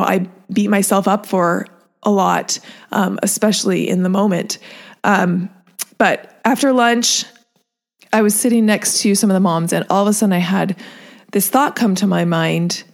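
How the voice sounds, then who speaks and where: A woman's voice: medium pitch, vocal fry. A woman in her thirties, a mother, telling a personal story in an earnest, reflective way that sometimes drops to a near whisper. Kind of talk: personal testimony.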